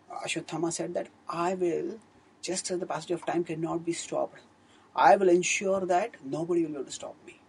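A man tells an old scriptural story as a spiritual teacher, earnest and fluent, and he often corrects himself in mid-phrase. His voice is deeply husky and gravelly. He speaks at a somewhat raised pitch. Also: mellow, poor audio. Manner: earnest, fluent retelling with frequent self-corrections.

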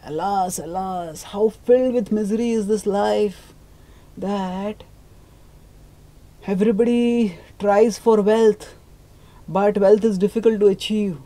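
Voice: mid-range voice, steady tone, takes it slowly, long pauses, warm tone. A storyteller voicing a grieving Brahmin husband who laments the misery of life and asks what to do. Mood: lamenting. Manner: lamenting, rhetorical questions.

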